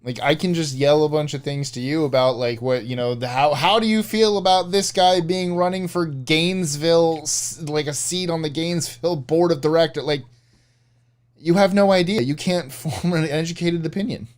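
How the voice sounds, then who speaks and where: A man's voice: on the high side, normal speed. A man co-hosting a casual live stream, rambling and correcting himself as he answers chat.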